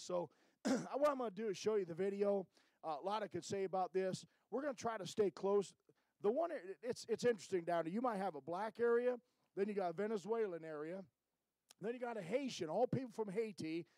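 Middle-aged man, high tenor, folksy missionary report in church, dry close sound. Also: a little fast, a little mellow, no echo, poor audio. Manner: folksy, keeps tagging lines with "amen?".

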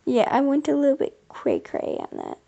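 A woman's voice: sits high, huge pitch swings, moderate pace, creaky, dark tone, muffled recording, a little hiss or hum. A woman giving casual, rambling commentary while playing a life-simulation game, talking to herself and to her viewers. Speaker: gameplay video host.

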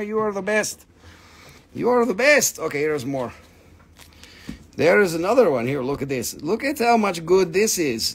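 An excitable man hosts a live mineral sale, bouncing between jokes and rapid-fire prices. His voice sits a bit high and stays playful throughout. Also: slight background noise. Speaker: host selling minerals on a live stream. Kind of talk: live sales stream, casual chat.

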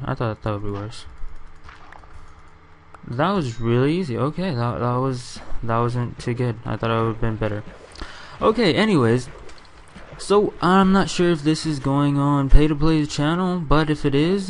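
A man's voice: mid-range voice, slight background noise. A young man in casual game commentary, giving a walkthrough of his build and rambling, self-correcting and swearing now and then. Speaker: gaming channel host.

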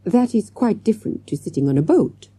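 A woman reading an audiobook, voicing a scheming foreign woman villain who speaks in stilted, mock-polite threats, in a raised, husky voice. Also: mid-range voice, sing-song, brisk, warm tone, dry recording, voice pushed up. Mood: cool denial. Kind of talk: audiobook character voice.

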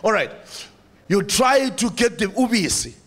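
South african preacher guy, pretty high voice, keeps repeating himself, talking right at the church. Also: unhurried. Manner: animated, repeats phrases and addresses the church directly. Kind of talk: sermon.

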